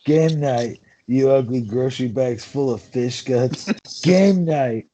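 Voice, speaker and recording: A man playing a crude, boastful movie-star figure who flatly insults children in a comedy script reading. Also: medium pitch, slow pace, a little hiss or hum, close to an everyday voice. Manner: blunt, rude, deadpan.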